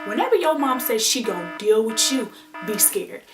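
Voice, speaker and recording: Woman vlogger, animated storytime delivery, roomy echoey room; casual and expressive. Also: fairly high pitch, moderate pace, music in the background. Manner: lively, expressive, addresses viewers as y'all. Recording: roomy echo.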